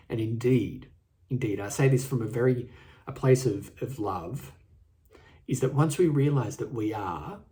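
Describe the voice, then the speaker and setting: A man with an Australian accent hosting a solo podcast, earnest and halting, often repeating his words. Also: fairly low pitch, warm tone. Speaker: podcast host. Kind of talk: reflective solo podcast talk. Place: indoors, seated. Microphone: studio microphone and camera.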